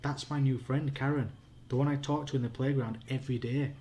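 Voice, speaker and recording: A man's voice: medium pitch, steady tone, fairly quick, dark tone, lightly acted. A man with a Yorkshire accent voicing a frightened twelve-year-old girl in a storybook reading, pleading in a raised, urgent voice.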